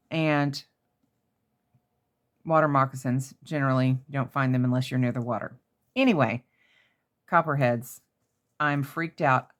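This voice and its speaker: A woman from Oklahoma, chatting casually in a crafting vlog and telling an animated, excitable story that jumps to shrieky high notes. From Oklahoma, USA. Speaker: crafter showing handmade pieces. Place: home craft room.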